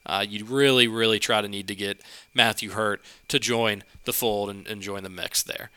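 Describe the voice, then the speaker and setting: A man talks through a casual sports podcast, and his nose is a bit stuffed up from a cold. His voice is very bright and crisp. He rambles and restarts his sentences in a loose, chatty way. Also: fairly low pitch, steady tone, moderate pace. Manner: rambling, conversational, self-correcting. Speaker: podcast co-host.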